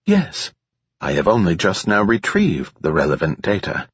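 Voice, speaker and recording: A man reading an audiobook voices a polite, precise flying AI drone, in a much higher voice than his own, slightly husky. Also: huge pitch swings, normal speed, dry recording, exaggerated voice. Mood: formal. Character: calm formal flying AI drone, genderless. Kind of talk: audiobook character voice. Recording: slightly dull lo-fi recording.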